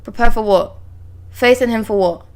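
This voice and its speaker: A young woman streaming live, reading manga dialogue aloud and breaking off to react with excited exclamations and swearing. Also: a little high, normal speed.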